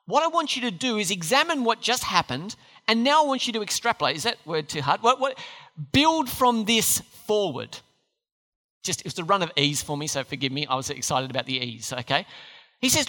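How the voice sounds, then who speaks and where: Animated preacher in an echoing hall. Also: medium pitch, moderate pace. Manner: emphatic, asks the listeners questions. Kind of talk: sermon. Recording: long hall reverb.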